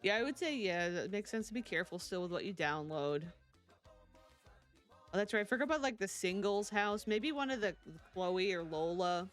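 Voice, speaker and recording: A woman's voice: mid-range voice, expressive, normal speed, soft background music. A woman streaming a life-sim game, chatting casually and laughing often as she answers her chat. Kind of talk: casual live-stream chat while playing.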